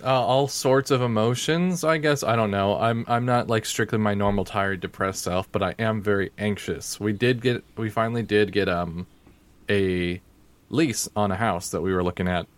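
A man's voice: lowish voice, moderate pace. A man co-hosting a podcast, chatting casually and rambling, with lots of "like" fillers. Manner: rambling, heavy use of "like". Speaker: podcast co-host. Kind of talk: casual chat. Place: home, talking over Discord.

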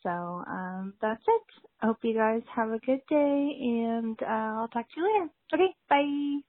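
A woman's voice: a little high, animated, unhurried, no echo. Casting: woman caller, chatty and rambling, thin telephone sound. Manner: chatty, lots of ums. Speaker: caller leaving a voicemail. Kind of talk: casual chat. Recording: tinny phone line.

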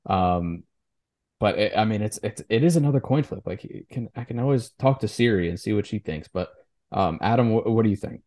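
A man co-hosting a high school sports podcast, chatting casually and often restarting his sentences. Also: animated, warm tone. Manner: halting, with many restarts and repeated words.

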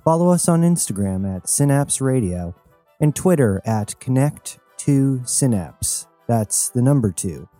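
Man narrating an audio drama in a dark voice. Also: mid-range voice, animated, a little slow, soft background music. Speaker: narrator and sole performer.

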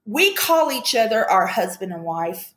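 An older woman chatting upbeat on a video call, telling stories with animated quotes. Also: medium pitch, measured pace, echoey room. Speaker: guest, commercial actress. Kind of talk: casual chat on a video call.

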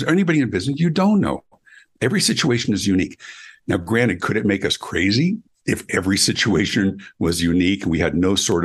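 A middle-aged man, a guest speaker and consultant, telling stories in an interview and acting out quoted dialogue with his voice. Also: husky. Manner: acts out quoted dialogue with big pitch jumps. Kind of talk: animated storytelling interview.

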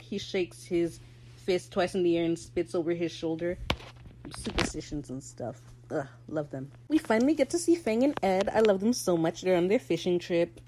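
Opinionated woman with a lowish voice. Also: mellow, a little hiss or hum. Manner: slangy, opinionated, quick to laugh. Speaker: podcast host. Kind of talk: casual episode recap chat.

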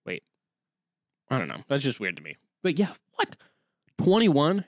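A man's voice: medium pitch, huge pitch swings, quick pace, a bit bright, no room sound, clean studio sound. A male podcast host in casual solo chat, rambling and sarcastic, swearing often and breaking off his own reading to comment.

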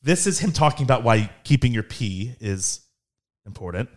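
A man's voice: medium pitch, lively intonation, normal speed. A man hosting a casual comedic chat, rambling and restarting as he tells a story. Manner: rambling, restarts often, laughs while telling. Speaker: podcast host.

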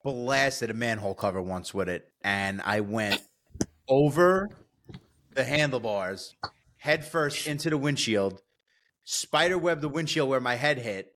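A man in loose, casual chat tells animated, profane stories about mishaps at work. He talks at an ordinary pitch. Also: measured pace, slight background noise.

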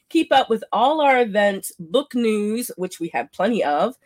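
A woman co-hosts a podcast in casual chat, animated and often laughing. Her voice is mid-range and her pace measured.

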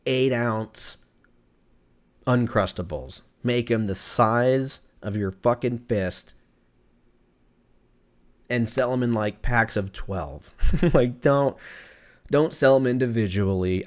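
A man's voice: mid-range voice, slow pace, long pauses. A young man hosting a podcast, ranting casually with profanity, jokes and frequent laughter. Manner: profane, joking, animated, laughs often. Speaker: podcast host. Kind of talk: casual solo podcast rant.

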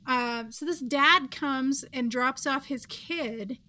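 A woman's voice: sits high, slow, pushed and bright. A woman in her thirties co-hosting a podcast, chatting casually with lots of fillers and a wry tone. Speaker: podcast co-host. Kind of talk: casual chat.

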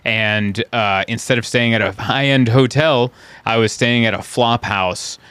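A man spins road stories in easy chat, his voice sitting at a middle pitch. The sound is dry and close, with no room around it. He jumps into high, squeaky voices to act out the people he meets. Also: a little slow, clear, resonant tone, dry recording. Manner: animated, acts out characters in high voices. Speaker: stand-up comedian, podcast host. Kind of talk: casual storytelling chat.

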